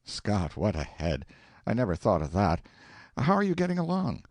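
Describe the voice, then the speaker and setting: A man's voice: on the low side, wildly swooping pitch, moderate pace, a little mellow, no echo. A man voicing an eager, impatient middle-aged husband in an audiobook, full of folksy exclamations. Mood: excited. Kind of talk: audiobook character voice.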